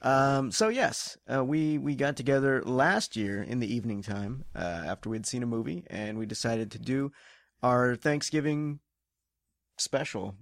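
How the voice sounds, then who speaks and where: A man's voice: mid-range voice, animated, a little slow, no echo. Dry-sounding man joking on a podcast. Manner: joking, laughs often, slips into movie quotes. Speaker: podcast co-host. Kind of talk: casual chat. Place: living room by a coffee table. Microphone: podcast microphone.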